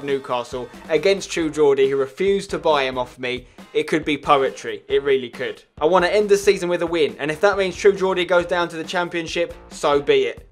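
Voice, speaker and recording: A young man commentating his own football management game, excitable and yelling at his players. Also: on the high side. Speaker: gaming YouTuber.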